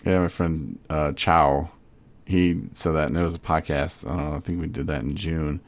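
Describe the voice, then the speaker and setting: A man's voice: rumbling low, fairly even intonation, moderate pace. A man hosting a podcast, telling stories in a rambling, laid-back, casual way. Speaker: podcast host.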